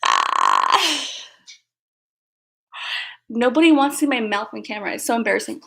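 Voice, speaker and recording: Her voice sits on the high side, fast and gravelly with a fairly bright tone and huge swings in pitch. She's a livestream host chatting casually and directly with her audience, hyper and amused at herself, laughing often at her own expense.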